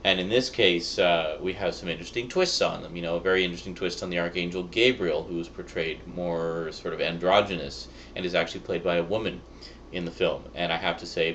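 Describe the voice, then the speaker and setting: A man with a very low voice chats his way through a movie review, pausing often on ums and uhs. A faint hiss sits under the recording. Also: fairly bright tone. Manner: rambling, with many fillers. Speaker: YouTube reviewer. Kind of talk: casual review.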